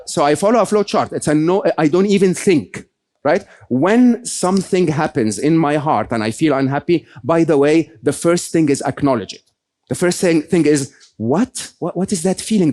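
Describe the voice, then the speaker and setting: A man's voice: on the high side, darkish tone. A man giving a conversational motivational talk to a live audience, often checking in with "okay?" and "right?". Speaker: keynote speaker.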